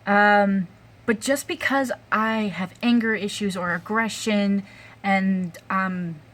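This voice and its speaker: A woman's voice: mid-range voice, slow, fairly bright tone. A young adult woman vlogging an angry rant, swearing often and breaking off with fillers and sighs.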